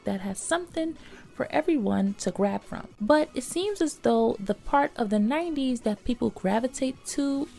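Woman fashion vlogger, recovering from a cold, mellow and bubbly. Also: fairly high pitch, normal speed, vocal fry, soft background music. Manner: bubbly, lively greetings to viewers. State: getting over a cold. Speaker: fashion YouTuber. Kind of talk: casual scripted vlog narration.

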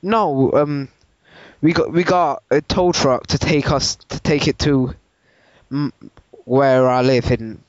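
A man's voice: mid-range voice, no room sound, natural voice. A man playing a hillbilly truck owner in a prank phone call, with a put-on Southern accent, rambling and restarting his sentences. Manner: rambling, halting, many restarts. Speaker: prank caller. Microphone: phone line. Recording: dull lo-fi prank call recording.

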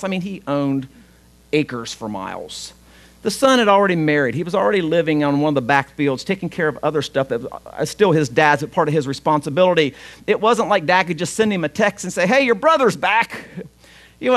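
A man's voice: high-pitched, a bit bright. A man, preaching a sermon as pastor, retelling a story in a conversational way and voicing the father's lines.

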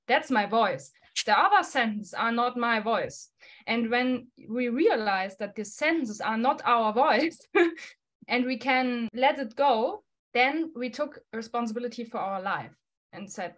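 A woman's voice: fairly high pitch, a little slow, fairly bright tone. A woman answering as a podcast guest in emphatic non-native English, laughing often and swearing bluntly. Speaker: guest musician.

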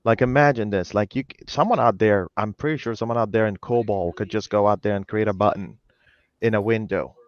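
A man's voice: on the low side, brisk, highs cut off. A man hosting a casual video call, talking enthusiastically in bursts with lots of "you know" fillers. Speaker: host.

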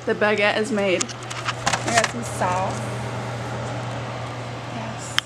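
A woman's voice: medium pitch, fairly even intonation, slow, very noisy. A young woman chatting and joking while cooking and eating in a casual vlog. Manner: giggly, joking. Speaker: vlogger.

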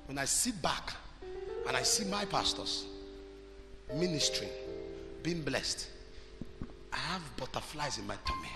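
Shouting Nigerian preacher in a reverberant hall. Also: male voice, medium pitch, sing-song, measured pace, creaky, pauses often. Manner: swings from shouting to soft storytelling, asks the crowd questions. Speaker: pastor. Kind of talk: sermon. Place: church hall. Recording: large hall with reverb and music behind.

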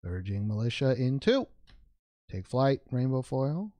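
A man's voice: medium pitch, very animated, measured pace, mellow, no room sound. A man hosting a trading card unboxing video, talking casually as he opens packs, rambling and joking with playful made-up words.

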